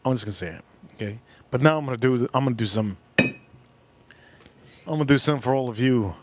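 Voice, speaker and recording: A man's voice: medium pitch, fast, noisy background. A man hosting a live stream, chatting loosely to his viewers and repeating phrases as he talks. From South Florida. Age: adult, older than in his youth. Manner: rambling, talks straight to chat, repeats himself. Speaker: livestream host. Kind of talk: casual live-stream chat.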